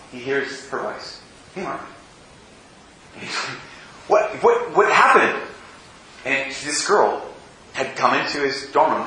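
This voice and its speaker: A man with a bright, forward voice gives a casual talk to a group. He tells stories and acts out the quoted lines. The recording is very roomy, with a faint hiss underneath. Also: medium pitch. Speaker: speaker leading a teaching session. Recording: very echoey room, faint hiss.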